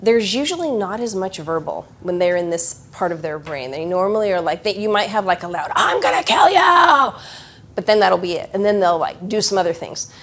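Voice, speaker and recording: Animated woman presenting a workshop. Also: on the low side, a little fast, few pauses. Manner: animated, acts out children's voices. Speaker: education presenter.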